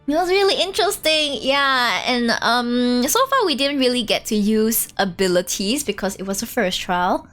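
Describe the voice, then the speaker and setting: A young woman streaming a game, chatting casually in an animated, giggly way. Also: fairly high pitch, measured pace, few pauses, soft background music. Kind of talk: casual let's-play chat.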